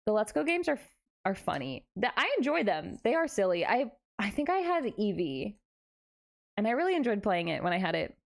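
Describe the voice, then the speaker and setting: In a gravelly, sing-song mid-range voice at a moderate pace, this young VTuber chats with viewers during a late-night stream. Tired and giddy, she's playful and self-deprecating, reading messages from chat aloud and answering them.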